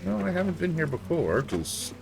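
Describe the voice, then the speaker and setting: A man's voice: on the high side, sing-song, normal speed, vocal fry, noisy background. A man streaming a computer game, chatting casually and thinking aloud.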